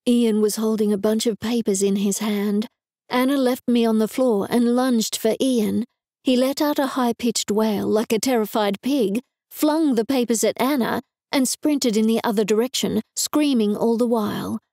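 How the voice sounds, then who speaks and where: An audiobook narrator reads a first-person novel aloud in a dry, wry manner, recorded close to a studio mic with no room sound. Her voice is fairly high and mellow, and her speed is normal for scripted narration.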